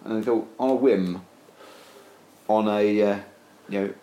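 Deep-voiced man rambling through a comic tale. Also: a little slow, slight background noise. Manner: rambling, deadpan, many fillers. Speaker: storyteller. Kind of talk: casual comic storytelling. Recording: roomy echo, faint ambience.

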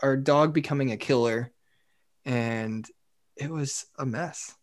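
A man telling a long story in casual chat, animated and full of "like" fillers, acting out what others said. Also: medium pitch, takes it slowly. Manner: animated, acts out quotes, frequent "like" fillers.

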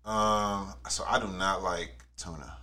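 A man's voice: low voice, steady tone, slow, bright, forceful tone. A man telling a funny family story in casual chat, laughing often.

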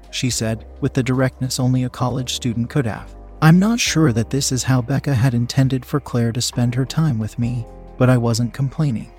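A man steadily reading a first-person erotic story aloud in an even narration style. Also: mid-range voice, slightly rough.

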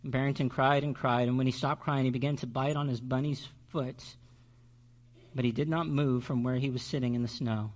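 A male pastor reading a children's story aloud during a sermon, expressive and measured. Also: medium pitch.

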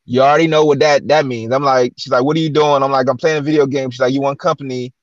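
A man's voice: medium pitch, fast, dry recording, highs cut off. A man guest-hosting a chat show, telling stories in a casual way and acting out the dialogue he quotes. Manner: animated, acts out quoted dialogue. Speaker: guest host. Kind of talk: casual storytelling.

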